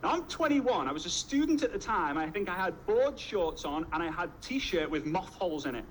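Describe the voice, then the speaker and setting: A man gives a motivational talk with a fairly high voice. He tells energetic stories and drives his points home with punchy repetition. A faint noise runs behind him. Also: fairly quick, rough recording. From Liverpool, England. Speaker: network marketing trainer.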